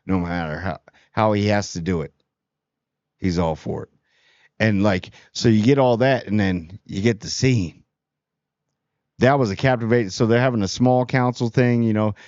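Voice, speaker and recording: A man's voice: on the low side, a little mellow, no echo, lo-fi sound. A man casually reviewing a TV episode in a rambling, slangy way, paraphrasing characters as he goes. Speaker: show host reviewing TV.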